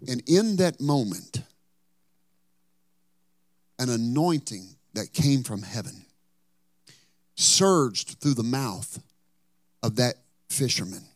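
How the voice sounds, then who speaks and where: A male pastor preaching a sermon, telling Bible stories dramatically and rising to loud bursts. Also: medium pitch, animated, slow, pauses often, dry recording.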